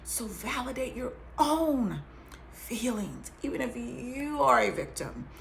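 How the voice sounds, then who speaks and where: A woman's voice: on the high side, very animated, takes it slowly, vocal fry, a little hiss or hum. A woman giving an earnest faith-based talk, emphatic, dropping into whispers and laughing between phrases. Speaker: survivor sharing testimony.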